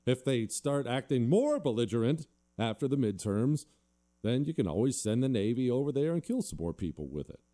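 A man's voice: medium pitch, very animated, normal speed, warm tone. A male talk show host delivering a combative, sarcastic monologue and reading listener emails.

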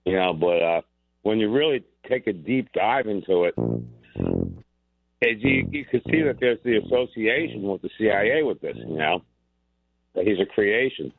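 A man on a call-in radio show talks earnestly, using lots of fillers. His voice sits a little low. He comes through a thin, phone-like line with no room sound. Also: expressive, moderate pace, gravelly, dry recording. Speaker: radio caller.

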